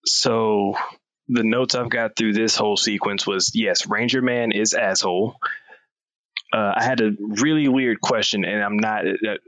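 A man's voice: lowish voice, fairly even intonation, unhurried, fairly bright tone, no echo, rough recording. A man co-hosting a casual chat, rambling and asking questions with casual swearing. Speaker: podcast co-host.

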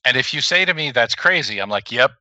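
A man co-hosting a casual chat, excitable and self-aware, telling stories with animated energy. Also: mid-range voice, quick pace, no echo, highs cut off. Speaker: podcast co-host.

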